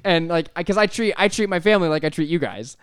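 An animated young man hosts a casual podcast chat, breaking into laughter as he tells stories. His voice sits a little high and leaps around a lot. The sound is dry and close. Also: quick pace, smooth, no room sound. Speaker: podcast host. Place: apartment.

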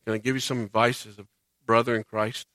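A man preaching a sermon as a pastor, animated, swinging between loud and soft and acting out quoted voices. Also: mid-range voice, fast, no room sound.

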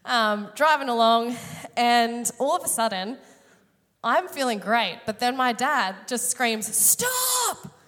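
A woman's voice: a little high, a little slow, a bit bright. A woman, preaching a sermon through a chatty, self-mocking personal story, her voice a little strained today. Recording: long hall reverb.

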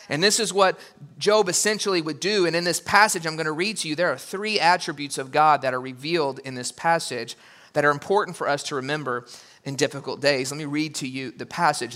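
Man, sermon, bright forceful tone, fairly high voice, animated, acts out quotes. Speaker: pastor.

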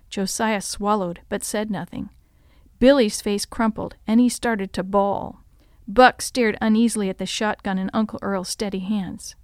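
A woman reading a story aloud in measured, expressive narration, dropping to a hush in tense passages. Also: mid-range voice, no echo, studio quality.

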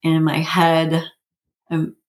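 A woman in her fifties telling a personal story, halting with frequent fillers and nervous little laughs. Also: sits low, completely flat delivery. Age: 50s.

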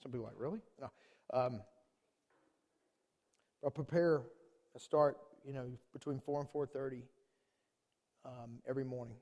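A man preaching a sermon as pastor, animated, swinging between booming lines and hushed ones. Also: normal speed, pauses often, in a large hall.

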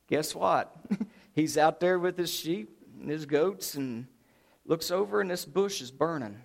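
A man preaching a sermon, telling Bible stories in an animated way and stretching out key words for emphasis. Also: fairly high pitch, moderate pace, creaky. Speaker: pastor.

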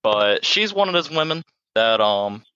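A man's voice: fairly low pitch, sing-song, measured pace, sharp tone, clean tone, no echo, dull audio. Laid-back man telling stories. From South Carolina. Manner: laid-back, rambling, self-mocking with many fillers. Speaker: podcast co-host. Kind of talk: casual storytelling chat.

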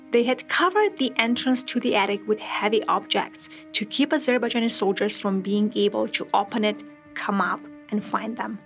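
A woman hosting a podcast, telling a true story in measured, reflective scripted narration. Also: medium pitch.

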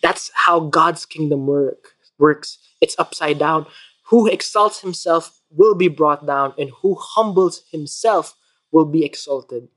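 Male preacher with a Filipino accent, gentle devotional talk and prayer. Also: a little high, takes it slowly. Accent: Filipino English. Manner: animated storytelling, acts out quarrels. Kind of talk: devotional sermon.

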